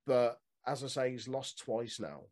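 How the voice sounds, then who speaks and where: A man's voice: medium pitch, lively intonation, measured pace, a little mellow. A man co-hosting a podcast in casual, opinionated chat, swearing freely. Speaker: podcast co-host.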